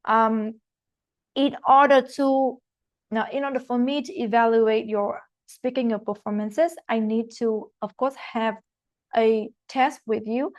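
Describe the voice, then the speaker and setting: A woman's voice: fairly high pitch, steady tone, a little slow, no room sound. A woman with a non-native English accent teaching an exam-prep masterclass, explaining step by step and checking in with "okay?". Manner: explanatory, frequent "okay?" check-ins and fillers. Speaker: IELTS teacher. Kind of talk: online masterclass lecture. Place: recorded online class.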